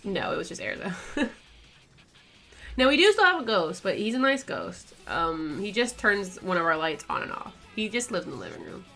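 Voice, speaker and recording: A woman's voice: medium pitch, huge pitch swings, normal speed, vocal fry, fairly bright tone, faint music behind. A woman chatting casually on her art stream, rambling with lots of fillers and little laughs. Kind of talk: casual chat while drawing on stream.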